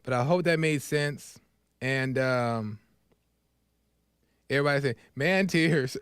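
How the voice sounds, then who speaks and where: A man's voice: a little high, lively intonation, takes it slowly, a bit bright, smooth, no room sound, clean studio sound. A man hosting a live call-in faith talk show, preachy and encouraging, repeating his key phrases. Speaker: host.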